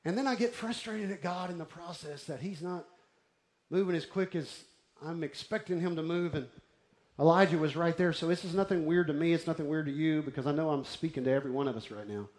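A man preaching a sermon in a slightly high voice. He tells stories with animated energy, then sinks into soft, near-whispered lines. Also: a little fast. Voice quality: bald-headed preacher, restless and wired up. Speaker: pastor.

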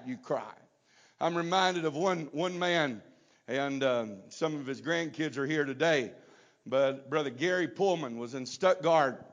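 A middle-aged man preaching a sermon at a youth conference, unhurried and building to loud emphasis. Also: on the high side.

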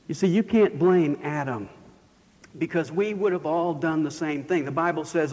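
A man's voice: fairly high pitch, normal speed, darkish tone, big-room sound. A man preaching a sermon in a storytelling manner, his voice rising and falling for emphasis. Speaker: pastor.

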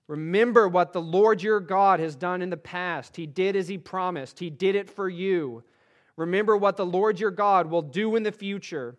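Emphatic preacher, a man with a high voice. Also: moderate pace, highs cut off. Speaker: pastor. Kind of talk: sermon.

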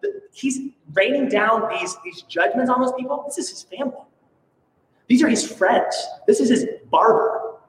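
A male pastor from Alaska preaching a sermon with an animated, playful manner and sarcastic asides. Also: very high voice, normal speed. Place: church sanctuary. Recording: echoey hall, from far off.

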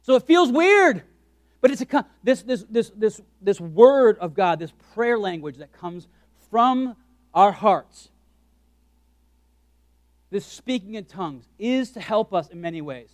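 A man preaching a sermon as pastor, animated and joking, acting out his own thoughts in quick asides. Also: sits high, dry recording.

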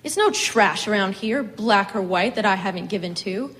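A woman voicing a furious middle-aged farm wife who rails and shouts at heaven in a reading of a story. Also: mid-range voice, lively intonation, moderate pace, big-room sound, natural voice. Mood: indignant. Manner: fierce, indignant, shouting.

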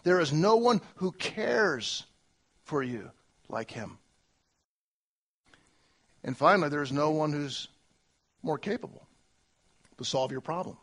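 A man preaching a sermon to a church congregation, emphatic, with long spoken lists and big swings between loud and soft. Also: on the high side, animated, slow pace, pauses often. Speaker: pastor.

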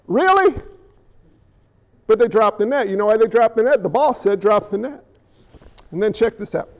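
A man preaching a sermon as pastor, reading scripture and then acting out a story with lively shifts in loudness. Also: very high-pitched, highs cut off.

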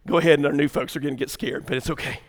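A man preaching a sermon to a church congregation, swinging between quiet asides and shouted preaching. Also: a little high, steady tone, racing. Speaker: pastor. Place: church sanctuary.

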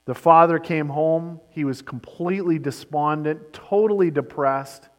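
Man preaching in a reverberant hall. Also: fairly high pitch. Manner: storytelling, shifting between brisk and slow emphatic delivery. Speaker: pastor. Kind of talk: sermon.

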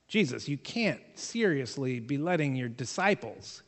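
A man preaching a sermon in a casual, animated way, with jokey asides to his congregation. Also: mid-range voice, normal speed, few pauses, in a large hall. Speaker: pastor.

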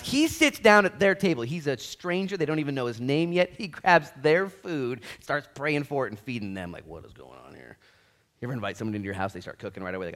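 A man preaching a sermon with casual slang, swinging between loud bursts and hushed, earnest stretches. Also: mid-range voice, big pitch swings, fairly quick. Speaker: pastor.

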